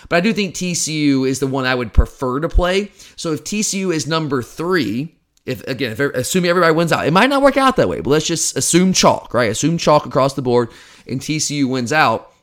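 Quick-talking male podcast co-host, casual and opinionated, tends to ramble. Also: fairly high pitch, expressive, a bit bright. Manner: rambling, opinionated, self-deprecating. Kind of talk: casual sports podcast chat.

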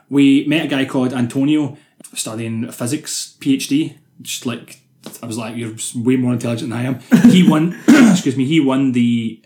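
A man's voice: mid-range voice, darkish tone, roomy sound. A Scottish man co-hosting a podcast, telling rambling, sweary stories in casual chat. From Scotland. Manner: rambling, sweary, laughing storyteller. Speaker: podcast co-host.

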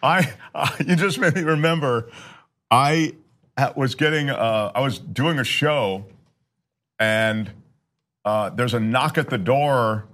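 A man in casual chat, telling a story at an unhurried pace with many restarts. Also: mid-range voice, a bit bright.

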